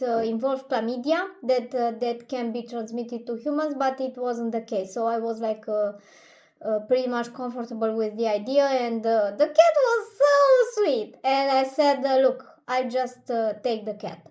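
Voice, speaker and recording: A woman's voice: fairly high pitch, a little mellow. A woman telling a casual personal anecdote, hesitant, with many fillers and laughs between phrases. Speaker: storyteller.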